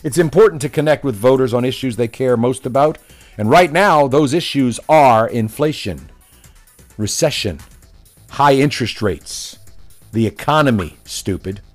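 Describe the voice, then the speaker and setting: A man's voice: medium pitch, lively intonation, normal speed, soft background music. A man delivering a combative, mocking political opinion monologue as a commentator. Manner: mocking, combative, name-calling.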